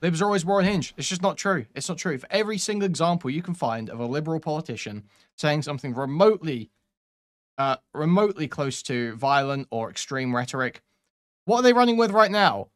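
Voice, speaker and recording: A man's voice: fairly high pitch, animated, fairly quick. A man commenting on clips during a stream, sarcastic and mocking, swearing often.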